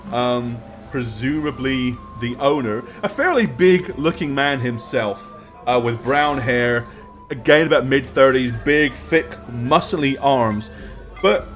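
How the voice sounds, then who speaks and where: Lively man narrating as dungeon master. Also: fairly high pitch. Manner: lively storytelling with filler words. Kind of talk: narrating a tabletop game and show outro.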